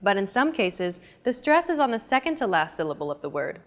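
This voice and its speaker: A woman's voice: medium pitch, very animated, fairly quick. Woman hosting a language lesson. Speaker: lesson host. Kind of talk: scripted narration.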